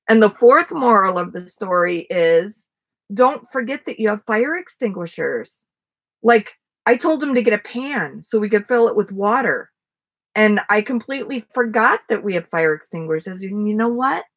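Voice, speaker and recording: A woman's voice: mid-range voice, a bit bright. A middle-aged woman chatting casually on a livestream from a front yard, rambling with many fillers and restarts. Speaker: vlogger.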